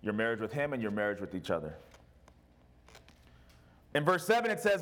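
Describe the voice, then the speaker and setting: A man's voice: sits high, very animated, normal speed, long pauses, a bit bright. A male pastor preaching a sermon in an emphatic, repetitive way.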